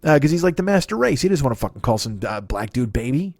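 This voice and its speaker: A man's voice: medium pitch, big pitch swings, quick pace, a little mellow, no echo, studio quality. A man hosting his own comedy podcast, riffing in a rambling, profane monologue that keeps correcting itself. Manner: profane, digressive, self-correcting.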